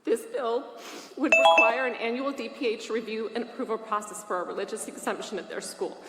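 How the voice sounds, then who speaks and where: A woman's voice: a little high, fairly bright tone. Woman testifying earnestly in an echoey hall. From Massachusetts, USA. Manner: earnest, formal, emotional. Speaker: parent testifying at a public hearing. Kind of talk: reading prepared testimony. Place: large state legislative hearing room. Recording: echoey hall from mid distance, faint hiss.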